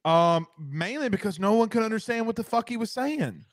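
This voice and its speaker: A man's voice: high voice, expressive, fairly quick, dry recording, clean studio sound. A man co-hosting a sports podcast in casual chat, full of crude joking banter.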